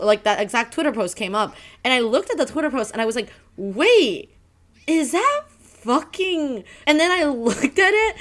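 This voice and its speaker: A woman's voice: on the high side, fairly bright tone. A woman co-hosting a casual podcast chat, rambling with lots of fillers and frequent laughter. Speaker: podcast co-host.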